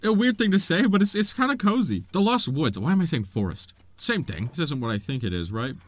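Young male gaming creator, high and lively, excitable let's play commentary with lots of laughing. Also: a little fast, no room sound. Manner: excitable, laughs often, talks to the game characters.

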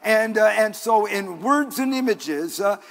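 A man with a notably high speaking voice preaches a sermon in an earnest, conversational manner. His words carry a long, lingering reverb from the church sanctuary. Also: expressive, a little slow, soft background music. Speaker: pastor. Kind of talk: sermon with personal stories.

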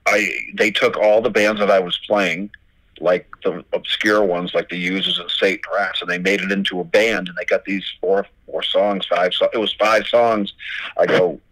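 A man's voice: low-pitched, little pitch movement, moderate pace, fairly bright tone, no echo, low-quality recording. A man, a record label owner, telling stories as a podcast guest, swearing freely and acting out old conversations. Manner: swears freely, retells dialogue with "I go". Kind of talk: storytelling in a podcast interview.

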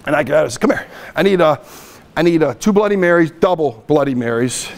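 A middle-aged man giving a poker lecture as a guest speaker, telling lively anecdotes and acting out the dialogue. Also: fairly high pitch, fairly quick. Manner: animated anecdotes, acts out dialogue. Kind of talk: storytelling lecture.

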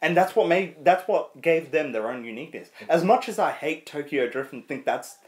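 A man's voice: a little high, expressive, moderate pace, a little mellow, roomy sound. A man co-hosting a podcast, chatting casually through a film review, swearing freely and laughing often. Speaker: podcast co-host.

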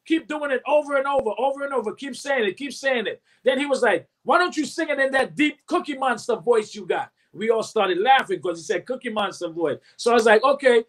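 A man's voice: extremely high pitch, a little fast, hardly any pauses. A man in his fifties, a recording artist telling his story in an interview, acting out other people's lines as he goes. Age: 50s. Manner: animated storyteller who acts out quotes and hums beats.

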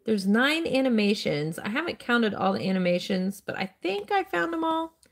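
A woman's voice: on the high side, sing-song, normal speed. A woman hosting a live stream, chatting casually and cheerfully while answering her viewers' questions as she plays a game. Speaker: live-stream host playing a mobile game.

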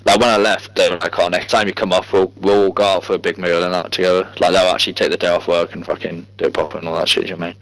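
A man's voice: sits low, rapid-fire, hardly any pauses. A young man chatting and swearing with friends while playing an online game. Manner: laughing, swearing, lively banter. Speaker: gamer. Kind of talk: casual gaming banter. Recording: noisy game audio.

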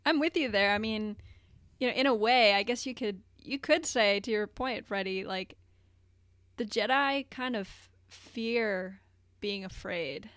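Female podcast co-host, mid pitch, relaxed and chatty, dry close-mic sound. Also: a little slow, no room sound. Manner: thoughtful, conversational, lots of fillers. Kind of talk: casual podcast discussion.

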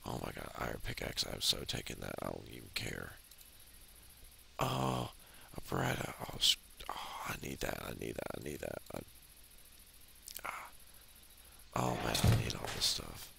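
A man's voice: extremely low pitch, expressive, moderate pace, gravelly, whispered. A man giving casual, exasperated commentary while playing a video game, often grumbling and ranting. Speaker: let's play host. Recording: loud background noise.

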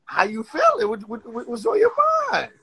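A man hosting a live stream in loud, slangy, animated banter. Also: very high voice, normal speed, slightly rough, poor audio. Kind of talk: casual live-stream chat.

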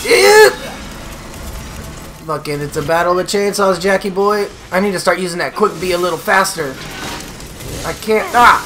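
A man giving let's play commentary on a horror game, swearing and yelling taunts at the enemy. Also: sits high, fairly quick, over music. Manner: profane, yells taunts at the enemy. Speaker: gaming video host.

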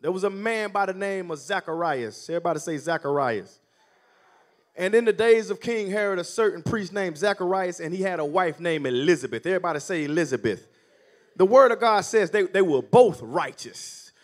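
A man preaching with a high, very animated voice that climbs and falls dramatically. He calls for responses from the congregation and builds his delivery in waves. The tone is that of a pulpit. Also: normal speed. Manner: call-and-response preaching, rising to near shouting. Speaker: minister. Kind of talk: sermon.

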